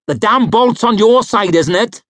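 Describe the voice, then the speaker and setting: A man's voice: fairly low pitch, big pitch swings, unhurried, mellow, slightly rough, dry recording, full character voice. A man voicing a vain, scheming prince. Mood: snapping. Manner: dry and wry, snapping when angry. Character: scheming young prince, vain and sharp-tongued.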